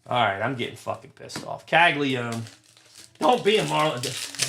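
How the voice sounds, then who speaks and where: A man's voice: mid-range voice, expressive, unhurried, vocal fry, a bit bright. A young man hosting a live trading card break, talking to his chat, frustrated and swearing often. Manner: profane, frustrated, talks to chat.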